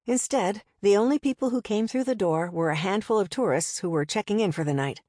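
A woman giving a measured, first-person audiobook narration. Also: mid-range voice, darkish tone, no echo, studio quality.

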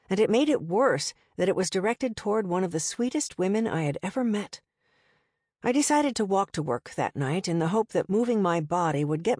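A woman reads a first-person audiobook in a measured, even way. Her voice sits somewhat low for a woman. The recording is dry and close, with no room sound. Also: no room sound. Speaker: audiobook narrator.

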